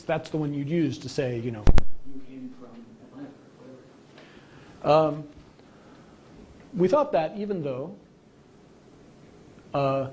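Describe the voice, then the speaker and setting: A man's voice: mellow, breathy edge. A man giving a conversational public lecture from slides, with frequent ums and casual asides. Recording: archival local-TV lecture tape, faint rumble.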